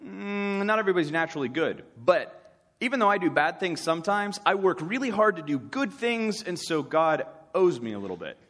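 Smug self-righteous Pharisee, man puts on high, preening voice, sermon illustration. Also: sing-song, brisk, a bit bright, long reverb tail.

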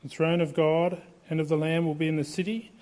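A male pastor reading scripture aloud at a church service, in a measured, steady way. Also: a little high.

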